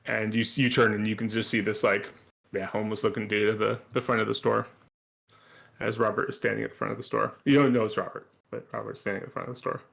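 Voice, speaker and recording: A man's voice: lowish voice, level tone, fast talker, gravelly, a bit bright. A man narrating as game master of a tabletop game, rambling with many restarts. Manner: rambling, full of fillers and restarts.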